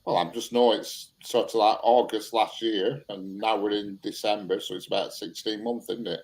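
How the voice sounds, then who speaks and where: A man's voice: lowish voice, fairly even intonation, moderate pace. Man, casual banter on a video call, loose and laughing, plenty of swearing. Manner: chatty, laughing, swears freely. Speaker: live stream panel guest.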